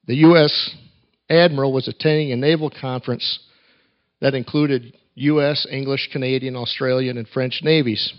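A man preaching a sermon, telling stories with dramatic pauses and reading scripture with rising emphasis. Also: fairly high pitch. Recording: dull lo-fi sermon recording.

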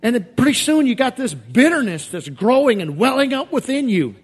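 A man with a high voice preaches a sermon in an emphatic, repetitive cadence. He drops to quiet confession, then rises to shouted outbursts. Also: very animated, moderate pace, breathy edge.

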